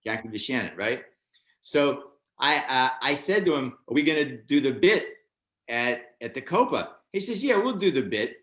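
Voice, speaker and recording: An older American comedian, appearing as a guest in a casual interview, tells a story from his early comedy career at a moderate pace. When he quotes others, his voice jumps higher in an animated way. A roomy echo colors the sound.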